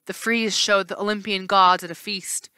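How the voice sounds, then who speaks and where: A woman teacher reading a novel aloud in a steady storytelling voice with small slips. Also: medium pitch, moderate pace, clear, resonant tone, no room sound.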